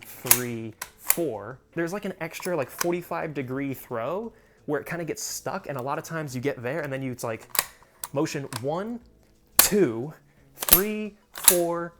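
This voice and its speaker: In a noisy setting, a young man from the US chats casually about his gun collection in a mid-range voice. His talk rambles, broken up by frequent laughs and free cursing when he gets annoyed.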